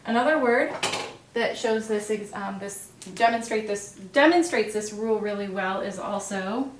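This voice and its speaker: A woman teaching a phonics lesson at a board, patient and encouraging, pausing for the learner's answers. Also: medium pitch. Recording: roomy echo, distant mic, faint hiss.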